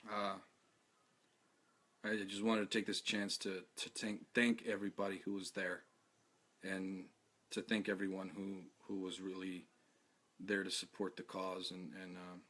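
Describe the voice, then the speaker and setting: An exhausted man talking to his followers in a live video, halting and stammering, repeating his words, earnest and heartfelt. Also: low-pitched, flat delivery, fairly bright tone. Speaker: activist speaking to followers.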